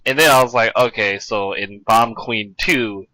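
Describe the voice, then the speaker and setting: A man's voice: medium pitch, steady tone, moderate pace, sharp tone, low-quality recording. A young man co-hosting a podcast, chatting casually about comics with many restarts and fillers. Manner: rambling, restarts a lot, chatty. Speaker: podcast co-host. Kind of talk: casual chat.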